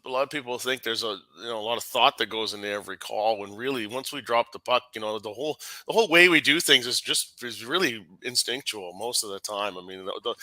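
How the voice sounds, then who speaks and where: A man who referees hockey, talking casually and haltingly on a podcast, with many restarts. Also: mid-range voice, sharp tone, no room sound, rough recording.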